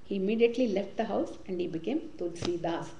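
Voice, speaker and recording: A woman leading a devotional class and telling a story in a lively way, sprinkling in Hindi words. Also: medium pitch, quick pace, gravelly, slight background noise. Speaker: spiritual class leader. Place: community hall or temple room. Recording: echoey room recording.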